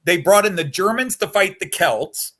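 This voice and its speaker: A man's voice: sits high, lively intonation, normal speed, fairly bright tone. A man talking casually and at length on a hobby chat show, rambling and getting worked up over history.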